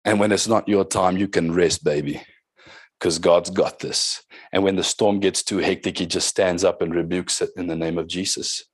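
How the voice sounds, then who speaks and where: A man's voice: sits low, steady tone, moderate pace, breathy edge, dry recording. A man preaching a sermon as pastor, with emphatic calls to the congregation and short passages in tongues.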